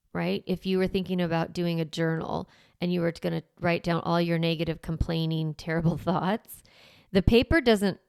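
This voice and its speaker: A woman talks listeners through a parenting method step by step. She speaks in a direct coaching manner with frequent check-ins. Her voice has a noticeable fry, and the recording is close and dry. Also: fairly low pitch, a little mellow, dry recording. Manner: walks through step-by-step scripts. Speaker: parenting podcast host. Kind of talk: instructional podcast monologue.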